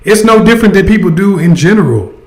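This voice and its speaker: A man with a fairly high voice hosts a casual livestream and talks directly to his viewers in a conversational way. The sound is roomy and echoey. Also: expressive, fast talker. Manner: conversational, addresses chat directly. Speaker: livestream host giving advice.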